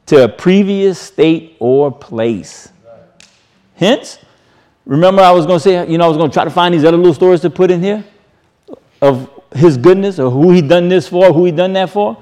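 A man delivering a sermon with a fairly high voice. He talks emphatically, repeating his phrases, rising loud on one line and dropping soft and slow on the next. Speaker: preacher.

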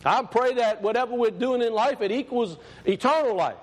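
A man preaching a sermon in a conversational way, repeating phrases for emphasis and slowing down to read scripture aloud. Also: extremely high pitch, long reverb tail. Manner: slows and rises when reading scripture aloud.

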